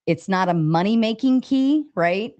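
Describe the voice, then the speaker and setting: Woman livestream host, excitable and foul-mouthed, reads chat aloud with big pitch jumps. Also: unhurried, dull audio. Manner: excited, swears freely, pitch jumps when reading chat. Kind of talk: casual livestream talk, reading chat aloud.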